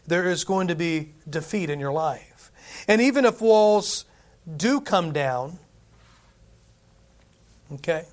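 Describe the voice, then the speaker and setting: A man preaching a sermon as a Baptist pastor, in a conversational way that keeps checking in with "right?". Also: high-pitched.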